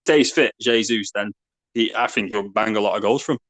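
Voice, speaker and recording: A man's voice: on the low side, normal speed, a bit bright, no echo. A man co-hosting a casual football podcast, laughing often, swearing and calling his friend "mate". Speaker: podcast co-host.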